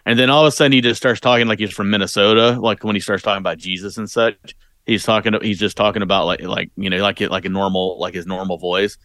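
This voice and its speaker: Man, podcast co-host, low voice, dry close sound, rambling casual chat. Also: fairly even intonation, fast, fairly bright tone, no echo. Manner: rambling, many restarts and "like"s.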